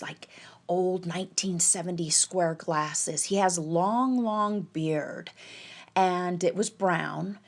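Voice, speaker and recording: Woman telling a tense personal story. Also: on the low side. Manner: tense, halting retelling with quoted dialogue. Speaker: podcast storyteller.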